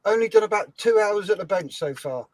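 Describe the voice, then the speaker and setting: A man's voice: high voice, expressive, brisk, a little mellow, no room sound. A man hosting a livestream from a shed, joking with guests and reading out viewer comments. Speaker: livestream host. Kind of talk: casual chat.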